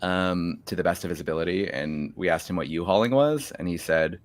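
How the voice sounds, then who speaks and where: A man's voice: low voice, fairly quick, hardly any pauses. A man hosting a livestream in casual chat, talking loosely with lots of ums and restarts. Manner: chatty, hesitant with many fillers. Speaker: livestream host.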